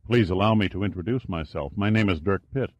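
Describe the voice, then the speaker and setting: A narrator plays a confident man with a teasing, gentle delivery. The voice sits low and unforced, recorded dull and dry with no room sound. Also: brisk, dry recording, close to an everyday voice. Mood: wry. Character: confident adult man, dry-humored and forward.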